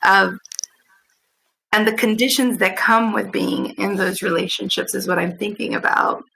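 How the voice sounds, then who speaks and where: Gravelly-voiced woman podcast host. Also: mid-range voice, steady tone, moderate pace, sharp tone, rough recording. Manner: thoughtful, searching questions with restarts. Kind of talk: casual interview conversation.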